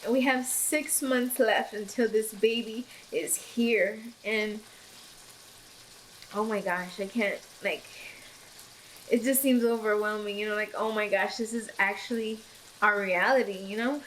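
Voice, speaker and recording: Food sizzles in a pan as a young pregnant woman vlogs from her home kitchen, giggling and chatting emotionally with many fillers while she cooks. She speaks unhurriedly in a medium pitch with fairly even intonation, and the low-quality recording has slight background noise.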